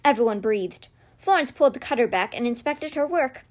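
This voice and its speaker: A woman reading a children's novel aloud in a steady, gentle storytelling manner. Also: on the high side, brisk. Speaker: read-aloud podcast host.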